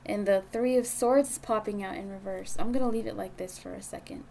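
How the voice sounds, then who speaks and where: A woman's voice: medium pitch, fairly quick, vocal fry, mellow, a little hiss or hum. Blunt, foul-mouthed woman tarot reader. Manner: blunt and profane, talks straight to the viewer. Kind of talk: casual tarot reading monologue.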